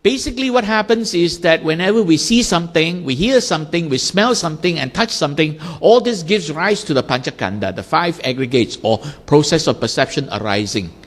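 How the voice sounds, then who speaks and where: A man's voice: fairly high pitch, fairly quick, hardly any pauses, big-room sound. A man teaching a Buddhist class, explaining ideas through everyday examples with little acted-out quotes. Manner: acts out little everyday scenes in lively quoted voices.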